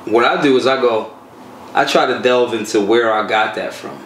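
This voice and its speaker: A man talks in loose, slangy, animated stories, his mid-pitched voice bouncing around a reverberant room. A soft hum of ambience sits underneath. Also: normal speed. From Philadelphia. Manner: animated, streetwise storytelling with slang. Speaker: guest, gun rights activist. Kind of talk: casual conversational interview.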